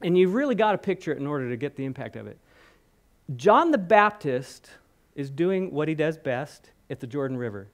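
Man, preacher, high-pitched, very expressive, storytelling sermon, questions the congregation. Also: normal speed. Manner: animated storytelling, acting out quoted voices. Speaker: guest preacher. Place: church hall.

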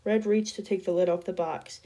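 A woman reading a novel chapter aloud in a steady storytelling voice. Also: mid-range voice, normal speed. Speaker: reader.

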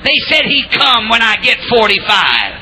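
An older man preaching a revival sermon, shouting and calling on the crowd to answer back. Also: very high-pitched, very animated, normal speed, a little hiss or hum, poor audio. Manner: shouting, call-and-response exhortation.

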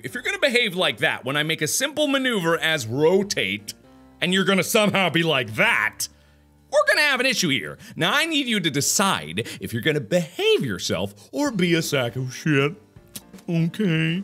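Excitable man yelling at a video game. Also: medium pitch, normal speed, soft background music. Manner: loud, exasperated outbursts, talks to the game; swings from mock-soothing to yelling. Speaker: gaming video host. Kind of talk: game commentary.

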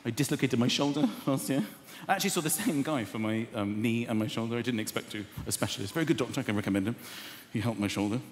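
A man in his thirties doing a stand-up comedy routine, acting out voices with big shouts and gasps. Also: mid-range voice, quick pace, hardly any pauses. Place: large theatre stage before a live audience. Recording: echoey theatre with long reverb and crowd noise.

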